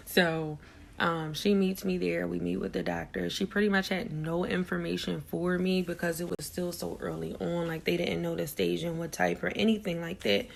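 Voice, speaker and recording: A young woman telling her own story in a candid, blunt way, swearing freely and getting animated at the intense parts. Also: lowish voice, creaky, slight background noise. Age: young adult. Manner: animated, rising loud when recounting shock. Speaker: vlogger sharing her story.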